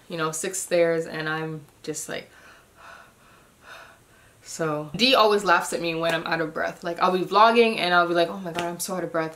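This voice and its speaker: Young woman, low-ish voice, winded, easygoing vlog chatter. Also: fairly bright tone. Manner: chatty, loose, lots of ums and restarts. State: short of breath. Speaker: vlogger. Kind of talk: casual pregnancy update vlog.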